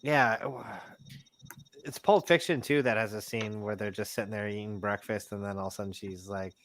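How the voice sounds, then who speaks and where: A man in a casual movie chat, rambling with many restarts and growing animated. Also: fairly low pitch, a little fast, slight background noise. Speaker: podcast guest.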